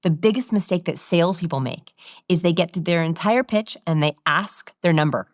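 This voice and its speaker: A woman with a low voice for her sex explains communication research in an interview, lively and quick to demonstrate. The recording is close and dry. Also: no room sound. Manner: animated, demonstrating vocal examples.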